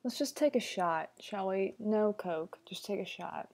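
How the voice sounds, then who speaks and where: A woman's voice: medium pitch, expressive, measured pace, vocal fry, darkish tone. A young woman hosting a casual livestream Q&A, joking around and dropping into whispered asides. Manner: playful, jokey, drops into whispered asides. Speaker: livestream host.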